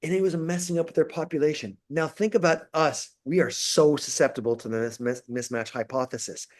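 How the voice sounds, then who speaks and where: Animated man telling stories. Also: fairly high pitch, fairly quick. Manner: animated storyteller, acts out quotes. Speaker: guest, university lecturer. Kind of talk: casual interview.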